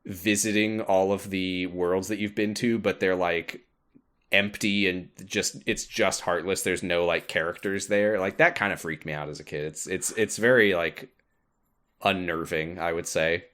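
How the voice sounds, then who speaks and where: A man's voice: low voice, fairly even intonation, unhurried, fairly bright tone. A man co-hosting a podcast, talking casually and rambling with lots of fillers and laughs. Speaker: podcast co-host. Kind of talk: casual chat.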